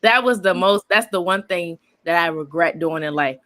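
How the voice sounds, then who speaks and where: A young woman with a bright, forward voice tells a personal story to her friends. She is loose, slangy and animated, and laughs easily between lines. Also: fairly low pitch, normal speed. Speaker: co-host. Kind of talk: casual group chat, storytelling.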